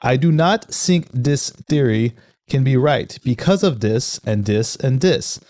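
A man's voice: mid-range voice, animated, unhurried, a little mellow, no echo, lightly acted. A man putting on a stiff accented physicist. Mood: doubtful. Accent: foreign accent. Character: older male physicist, stiff and doubting.

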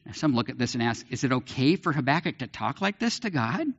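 A male pastor preaching a sermon in an animated way, with big swings in pitch and the odd light laugh. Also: quick pace. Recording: dull lo-fi sermon recording.

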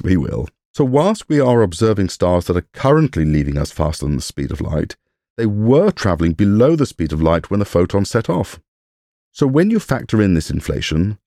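A man's voice: low voice, dark tone, no room sound. A man hosting a podcast, reading a scripted science explainer with dry humor and jokey asides. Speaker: podcast host.

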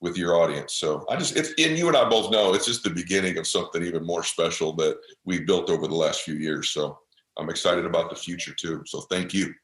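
A man's voice: low voice, brisk, a bit bright. An intense, passionate middle-aged man tells a motivational story as a podcast guest. He speaks with earnest conviction, and his voice rings in a roomy, echoing space.

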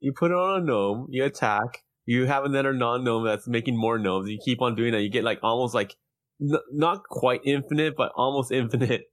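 An eager man on a casual podcast reads card text aloud and gushes about the ones he loves. His voice sits at a middle pitch, recorded close and dry. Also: moderate pace, no echo. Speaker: podcast co-host. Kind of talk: casual group chat.

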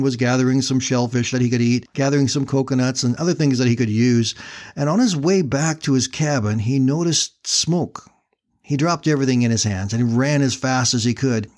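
A man preaching a sermon, telling a story in an earnest, steady way before drawing the lesson. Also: mid-range voice.

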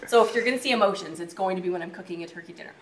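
A woman co-hosting a marriage talk, telling personal stories in a casual, animated way. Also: fairly low pitch. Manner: animated, talks through stories with quick asides. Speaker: marriage coach co-host. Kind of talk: casual chat, personal storytelling. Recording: echoey room with faint noise.

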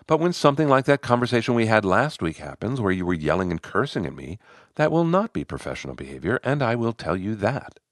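A man plays an earnest male manager being coached, eager and a bit unsure of himself. His voice rises in surprised questions, with a lively, up-and-down pitch, and sounds dry and close. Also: fast, no room sound. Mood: rehearsing.

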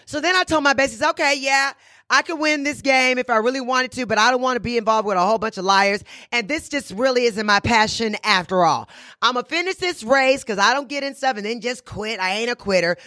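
Sassy woman podcaster, bright forceful voice, dry close sound, repeats stuff for punch. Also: fairly high pitch, brisk, no room sound. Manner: blunt, boastful self-talk. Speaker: podcast and radio host. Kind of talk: casual monologue.

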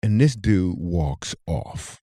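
A man hosting a podcast, telling a comic story with animated delivery. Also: slow pace, no echo, clean studio sound. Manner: animated, jumps high when telling the punchline. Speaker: comedian and podcast host.

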